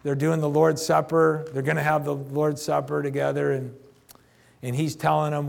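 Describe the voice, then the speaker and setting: Man in his 50s, pastor, chatty emphatic sermon, gravelly voice. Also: fairly high pitch, flat delivery, normal speed. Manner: conversational, emphatic, addresses congregation directly.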